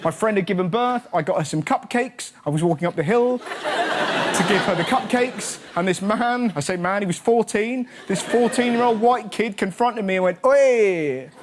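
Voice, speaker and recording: A man's voice: high-pitched, moderate pace, a crowd in the background. A man hosting a comedy show, delivering a punchy, sarcastic stand-up monologue. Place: TV studio stage. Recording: loud studio audience laughter.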